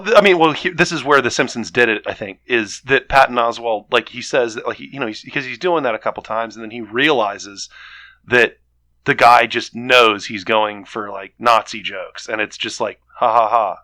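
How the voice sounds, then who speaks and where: A male guest from Germany chats casually on a podcast. He rambles and restarts his sentences. His voice has a bright, forceful edge at a mid pitch. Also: moderate pace, no echo. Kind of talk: casual chat.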